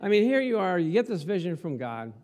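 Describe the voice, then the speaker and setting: A man's voice: high voice, very animated, fairly quick, a little mellow. A man preaching a conversational sermon, telling a story and asking his listeners rhetorical questions along the way. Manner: chatty, asks the congregation rhetorical questions. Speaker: pastor.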